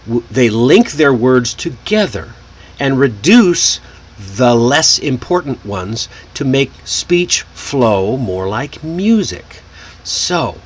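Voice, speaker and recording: An American man teaching pronunciation as an accent coach, repeating example words slowly for practice. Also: mid-range voice, breathy edge. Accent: General American. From United States. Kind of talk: pronunciation lesson.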